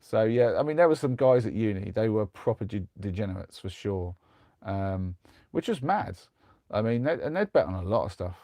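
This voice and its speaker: A young man with a lowish voice spins a long, rambling anecdote on a live stream, restarting his sentences as he goes. The sound is close and dry, with no room around it. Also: animated, moderate pace, dark tone, dry recording. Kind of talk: casual chat and storytelling. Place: converted van.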